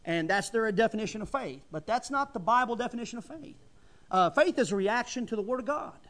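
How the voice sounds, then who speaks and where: A middle-aged preacher with a notably high voice delivers his sermon in a folksy, fervent way. He swells into loud emphatic bursts and then drops back to plain talk. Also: lively intonation, a little fast.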